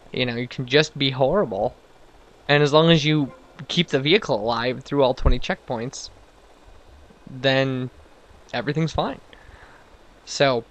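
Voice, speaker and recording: A man's voice: medium pitch, a bit bright, low-quality recording. A man giving casual, rambling let's-play commentary, self-deprecating and full of restarts. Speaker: gameplay commentator.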